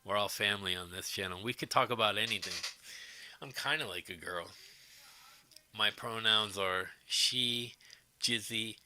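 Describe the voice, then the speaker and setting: A man's voice: on the low side, unhurried, sharp tone. A middle-aged man hosting a livestream, chatting casually with his viewers and rambling as he answers their comments. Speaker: livestream host.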